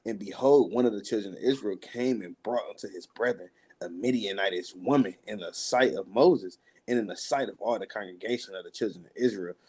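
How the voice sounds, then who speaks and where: A man with a mellow, warm voice talks through scripture in relaxed slang. He laughs easily and keeps the tone loose and conversational. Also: lowish voice, brisk, few pauses, husky. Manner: laid-back slangy talk, laughs between points. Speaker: Bible study participant. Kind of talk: casual scripture discussion.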